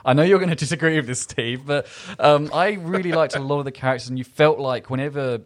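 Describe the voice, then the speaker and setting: Fast-talking man reviewing a film. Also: a little high, dry recording. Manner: quick, chatty, self-interrupting. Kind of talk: casual film review chat.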